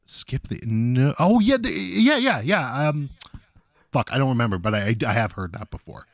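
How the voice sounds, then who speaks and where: Excitable, stammering podcast host, a man. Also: mid-range voice, normal speed, vocal fry, no echo, studio quality. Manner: excitable, profane, stammering restarts. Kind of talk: casual chat.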